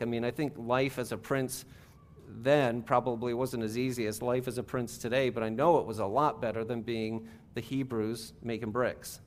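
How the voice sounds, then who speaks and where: A middle-aged man preaching a sermon as pastor, in a conversational way with rhetorical asides and questions to the congregation. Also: medium pitch.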